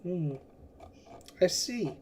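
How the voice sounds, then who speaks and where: Game master playing a calm, solemn holy man. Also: mid-range voice, drawn-out words. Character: calm male holy man leading mercenaries.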